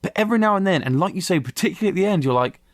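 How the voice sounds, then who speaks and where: A man co-hosts a film review podcast in a chatty, animated way, dropping the odd swear word. His voice sits at an ordinary pitch and sounds dry and close to the mic. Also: very fast, no room sound. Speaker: podcast co-host. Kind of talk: casual film review chat.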